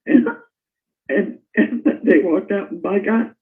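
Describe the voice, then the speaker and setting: An older woman telling stories in a casual interview, animated and laughing as she recalls. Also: mid-range voice, a little slow. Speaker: interview guest. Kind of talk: casual storytelling. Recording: tinny phone-like line.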